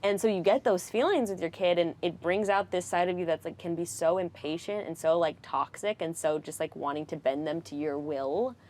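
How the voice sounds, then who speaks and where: A woman speaking as a podcast guest in casual, candid conversation, frank and animated with frequent swearing. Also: fairly low pitch, fairly quick, hardly any pauses.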